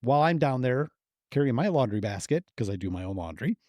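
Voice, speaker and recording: Fairly quick and medium-pitched, a podcast host spins an animated story, full of enthusiasm and profanity. It's casual chat, recorded with no room sound.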